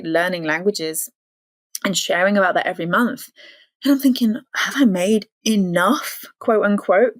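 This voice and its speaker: A woman's voice: on the low side, no echo. A woman from the English Midlands with an English accent, a language consultant chatting as an interview guest and laughing easily. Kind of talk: casual interview chat.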